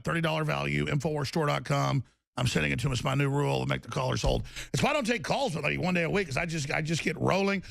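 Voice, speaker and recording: Gravelly, excitable male talk host. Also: on the high side, no echo, clean studio sound. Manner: rambling, excitable, fast-shifting delivery. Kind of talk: live call-in talk show.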